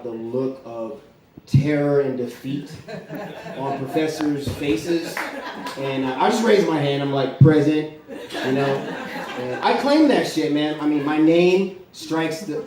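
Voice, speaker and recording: A young man doing a rambling, profane stand-up set on stage, with lots of fillers and a deadpan delivery. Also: mid-range voice. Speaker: stand-up comedian. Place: comedy club stage. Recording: echoey club from far off, crowd laughing. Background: audience laughter.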